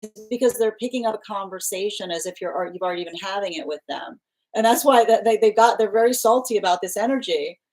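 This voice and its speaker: Woman, tarot reader, live reading, rambling, repetitive, frequent restarts, middle pitch, animated jumps. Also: quick pace, rough recording. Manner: rambling, repeats phrases, restarts often.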